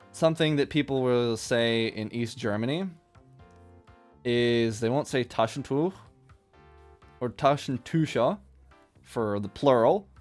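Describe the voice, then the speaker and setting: A man chatting casually on a live stream while he draws manga, rambling and quick to laugh at his own jokes. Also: medium pitch, a little mellow. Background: faint music playlist.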